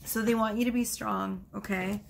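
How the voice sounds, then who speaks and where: A woman's voice: mid-range voice, fairly even intonation, moderate pace, vocal fry, slight background noise. A woman giving a casual tarot card reading, chatty and reassuring, with frequent exclamations. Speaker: tarot reader.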